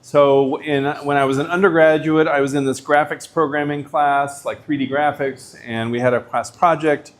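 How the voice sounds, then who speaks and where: A middle-aged man, a visiting professor, giving a lecture in a casual, animated storytelling way with lots of filler words. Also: a little high, moderate pace, hardly any pauses.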